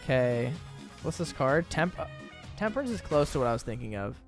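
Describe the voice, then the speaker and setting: Lively young man rambling over gameplay. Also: mid-range voice, a little fast, faint music behind. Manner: chatty, rambling, animated, exaggerated indignation. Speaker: gaming video creator. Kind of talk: casual gameplay commentary.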